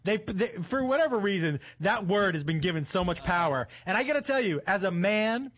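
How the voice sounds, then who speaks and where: Animated, husky-voiced comedy co-host man. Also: high-pitched, fairly quick. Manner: joking, animated, laughs often. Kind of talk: casual banter.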